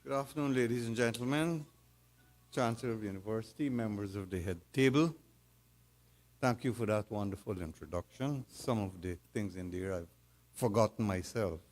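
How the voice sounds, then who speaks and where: A man's voice: on the low side, moderate pace, a little mellow. An older Guyanese man opening a formal address to an audience with courteous greetings. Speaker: guest speaker.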